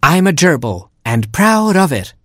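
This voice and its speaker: A timid little girl gerbil from a storybook, hungry and easily excited, as a man reads her aloud. Her voice sits high and plaintive with a soft, husky edge, and the reading is dry and close. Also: takes it slowly, no room sound, exaggerated voice. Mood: proud.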